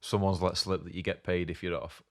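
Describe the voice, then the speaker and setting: A young man co-hosting a casual podcast, chatty and quick, often laughing and filling his speech with "like". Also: sits low, flat delivery, a bit bright. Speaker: podcast co-host. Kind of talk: casual chat.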